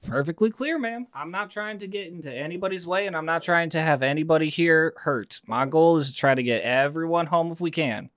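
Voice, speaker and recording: A man's voice: a little high, a little fast, hardly any pauses, fairly bright tone, no room sound, studio quality, close to an everyday voice. A man playing an earnest, grumbling male sailor who rambles indignantly in a tabletop game. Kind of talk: in-character tabletop play.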